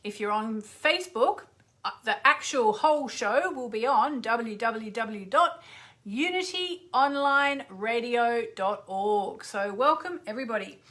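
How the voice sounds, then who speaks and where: A woman's voice: on the high side, lively intonation, unhurried, fairly bright tone. A middle-aged woman, an astrologer and radio host, chatting casually with viewers on a livestream and greeting them by name.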